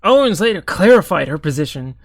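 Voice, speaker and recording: A man's voice: fairly high pitch, sing-song, brisk, dry recording. A young man giving a sarcastic, profane, exasperated running commentary as an online commentator. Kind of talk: ranting commentary.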